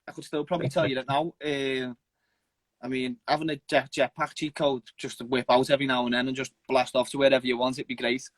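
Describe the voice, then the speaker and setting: A young man, an amateur fighter, talking earnestly in a casual interview with halting restarts and casual swearing. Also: mid-range voice, level tone, fairly bright tone, no echo. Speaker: amateur MMA fighter, guest.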